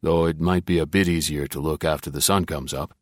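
A man playing a composed, evasive neighbor with a deep, low voice. He speaks politely but coolly and gives little away. The recording is dry and close, in audiobook style. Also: brisk, no room sound. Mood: guarded. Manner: calm, polite, dry and dubious. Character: tall, guarded, evasive male neighbor.

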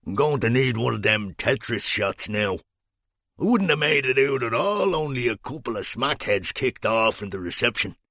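Man putting on a thug, gravelly, husky, bright edge, swinging pitch, crude and grumbling, dry audiobook. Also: animated, no echo. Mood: sarcastic. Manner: crude, swearing, quick to complain. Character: coarse, indignant Dublin criminal man.

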